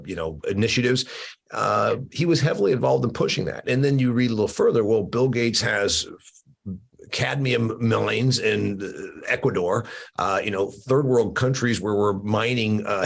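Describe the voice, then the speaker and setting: Gravelly low-voiced man hosting a call. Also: normal speed. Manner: emphatic, teasing, many restarts and fillers. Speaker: podcast host. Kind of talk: opinionated casual discussion on a video call. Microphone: video call.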